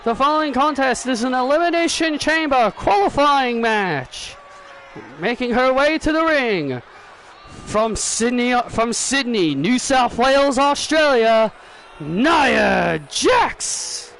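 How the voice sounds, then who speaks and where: A man imitating a formal male wrestling ring announcer with a drawn-out announcing cadence. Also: very high voice, animated, gravelly, fairly bright tone, a little hiss or hum, full character voice, low-quality recording.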